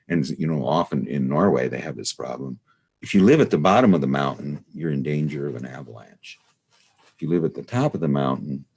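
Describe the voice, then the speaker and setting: A man with an extremely deep, gravelly voice and a husky edge leads a study group over a video call. He lectures casually and drifts through anecdotes, filling gaps with "you know" and "uh". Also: a little mellow. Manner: meandering, full of "you know" and "uh".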